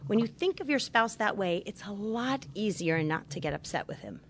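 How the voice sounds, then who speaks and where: A middle-aged marriage therapist with a medium-pitched, expressive voice gives an earnest instructional talk on marriage that draws on religious teaching. She speaks at a moderate pace, gently stressing key points, over a slight hiss or hum.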